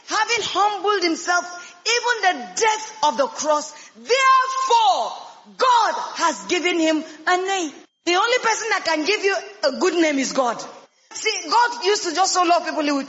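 A man with a Nigerian English accent preaching a sermon with emphatic rhetorical questions and sudden shouted lines. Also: very high-pitched. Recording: long hall reverb, dull lo-fi sound.

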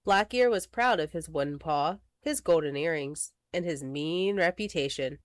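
A woman reading a children's picture book aloud, expressive and slowing for dramatic words. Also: deep voice, no room sound, studio quality. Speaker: storybook reader.

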